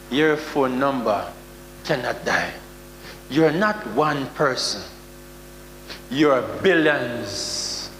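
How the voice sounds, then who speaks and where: A man with a Jamaican accent preaching a sermon, with sudden loud outbursts and mock prayers. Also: mid-range voice. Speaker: prophet preaching. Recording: echoey hall with faint hum.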